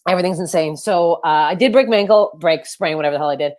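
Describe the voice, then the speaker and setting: A woman in her thirties performs stand-up into a webcam at home. She rambles and runs herself down, now and then jumping into loud, squeaky outbursts. Her nose is stuffed and sniffly. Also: quick pace. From Canada. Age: 30s. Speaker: stand-up comedian. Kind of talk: stand-up comedy on a video call. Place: her parents' house, indoors. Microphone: webcam on a video call.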